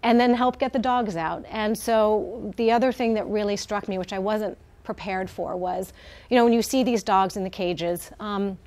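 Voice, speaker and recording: A woman's voice: mid-range voice, a little mellow. A middle-aged woman, the head of an animal welfare group, speaking as a guest in a live TV interview in a heartfelt way, with many fillers and restarts.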